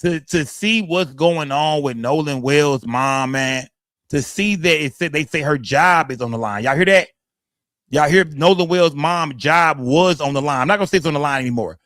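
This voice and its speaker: A man's voice: a little high, normal speed, a bit bright, dry recording, clean studio sound. A man hosting a casual livestream, greeting chat names one by one and talking heatedly in slangy speech. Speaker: livestream host.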